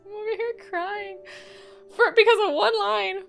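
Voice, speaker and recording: A woman's voice: extremely high pitch, lively intonation, a little slow, pauses often, soft background music. A young woman reacting to an anime episode in casual commentary, emotional and exclamatory, thinking aloud with lots of "like".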